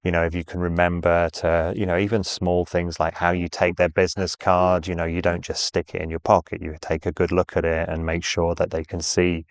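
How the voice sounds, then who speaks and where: Deep-voiced man with a Southern English accent. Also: completely flat delivery, no echo. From England. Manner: measured, anecdotal, with frequent ums and restarts. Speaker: interview guest, sales executive. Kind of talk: conversational interview.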